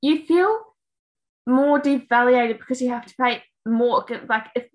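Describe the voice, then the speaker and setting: A woman co-hosting a podcast, chiming in with quick, playful remarks. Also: a little high. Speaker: podcast co-host. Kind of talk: casual chat.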